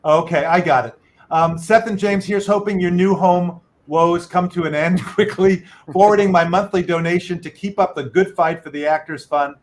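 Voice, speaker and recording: A man's voice: high-pitched, normal speed. A middle-aged man, a medical correspondent co-hosting, chatting casually on a video call and reading donations aloud with joking asides.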